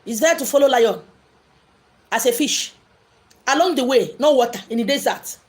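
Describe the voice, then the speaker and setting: A woman speaks to her online viewers in a voice a little higher than most. She preaches emphatically and answers their questions live. She repeats phrases to drive her points home. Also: animated, moderate pace. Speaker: spiritual livestream host. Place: indoors, live streaming.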